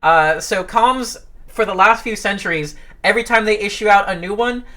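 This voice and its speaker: A woman's voice: medium pitch, moderate pace, fairly bright tone. A woman narrating a tabletop game as game master, rambling with many filler sounds. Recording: faint music underneath.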